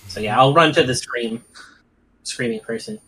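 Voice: medium pitch, normal speed, pushed and bright, rough recording. A tabletop game player, talking in a casual, joking and hesitant way.

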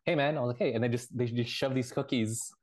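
A man co-hosting a podcast, telling halting, rambling anecdotes in casual chat with laughs. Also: mid-range voice, level tone, darkish tone, slight background noise. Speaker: podcast co-host.

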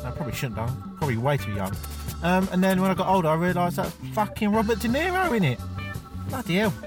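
Contributor: laid-back man, high voice, rambling solo segment over clear music. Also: very animated, quick pace. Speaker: podcast contributor. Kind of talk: pre-recorded monologue.

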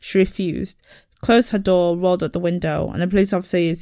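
A woman's voice: fairly low pitch, fairly quick, a little mellow, dry recording, studio quality. A woman co-hosting a casual chat podcast, telling stories animatedly and acting out the people she quotes. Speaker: podcast co-host.

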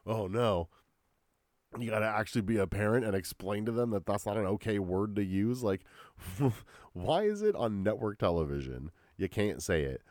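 A man's voice: on the low side, expressive, normal speed, a little mellow, dry recording, studio quality. A young man hosting a solo podcast, ranting casually with heavy profanity and constant "dude" and "like.". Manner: profane, slangy rambling with lots of "dude" and "like". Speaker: podcast host.

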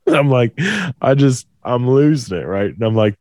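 A man in a casual chat, telling a story in an animated, profane way and laughing as he goes. His voice sits at an average pitch, and the recording is dry and close, with no room sound. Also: moderate pace, no echo.

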